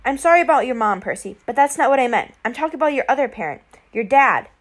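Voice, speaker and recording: Smart serious teen girl explaining stuff, matter-of-fact, kinda high voice, read by a woman. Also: very animated, quick pace. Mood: earnest. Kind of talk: audiobook character voice.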